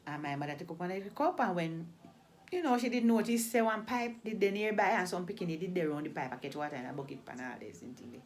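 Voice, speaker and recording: Jamaican lady storytelling, kinda low voice, repeats lines for emphasis. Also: a little hiss or hum. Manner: deliberate, repeats phrases for emphasis. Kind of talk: oral storytelling.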